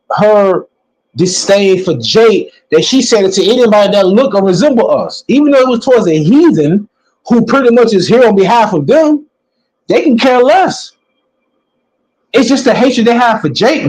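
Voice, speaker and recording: Husky, high-voiced preaching man. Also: a little mellow, poor audio. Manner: preachy, stretches words for emphasis. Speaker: religious teacher. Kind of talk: emphatic religious commentary.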